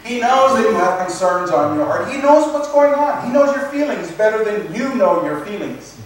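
A high-voiced man preaches slowly and earnestly, stumbling and repeating words as he works through scripture. He sounds distant from the mic, in a very echoey room with faint background noise. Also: big pitch swings. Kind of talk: sermon.

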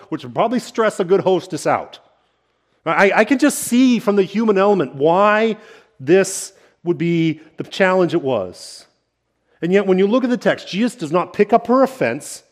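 Man preaching a conversational sermon. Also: a little high. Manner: conversational preaching, rising in emphasis, with frequent "right?". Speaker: senior pastor.

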